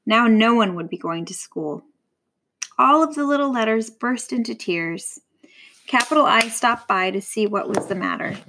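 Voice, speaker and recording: A woman reading a picture book aloud to a young child, gentle and warm, stopping to ask the child questions. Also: mid-range voice, a little hiss or hum, low-quality recording.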